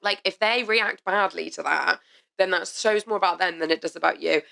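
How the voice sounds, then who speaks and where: A woman's voice: on the low side, normal speed, gravelly, pushed and bright. A woman co-hosting a casual chat podcast, talking frankly, swearing freely and laughing easily, a little under the weather. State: slightly ill, blocked ears. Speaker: podcast co-host.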